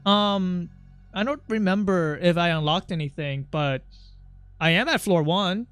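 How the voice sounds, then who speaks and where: An excitable young male streamer with a high, bright voice, chatting casually as he plays and reads out on-screen text. He swears freely and gets loud when something surprises him. Faint game music runs in the background. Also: measured pace, clean tone. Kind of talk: casual gameplay commentary.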